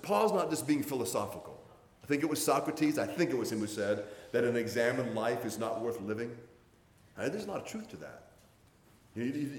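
A sixty-something pastor's medium-pitched, slightly mellow voice fills a reverberant hall as he gives a plain, folksy sermon. He tells stories conversationally, leaning on lots of hedging fillers.

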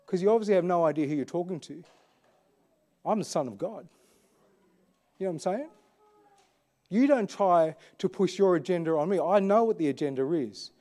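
High-voiced man preaching. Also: lively intonation, normal speed, pauses often, mellow. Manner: conversational, questioning, frequent fillers. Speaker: pastor. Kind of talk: sermon.

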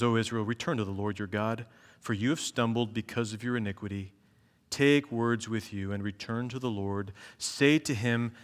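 A man preaching an expository sermon, reading scripture and commenting on it. He talks earnestly, building to emphatic peaks and then dropping low and slow. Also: long reverb tail.

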